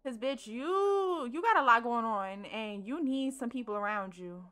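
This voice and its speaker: A young woman doing casual let's play commentary, chatty and animated, scolding the game characters and swearing freely. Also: on the high side, a little slow, clean tone. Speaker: gaming streamer.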